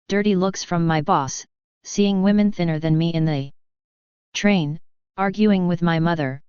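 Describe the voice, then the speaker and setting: A woman narrates a novel in the first person at an unhurried pace. Her voice is very clear and sits a little low. The recording is dry and slightly dull. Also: a little mellow, no room sound. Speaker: audiobook narrator.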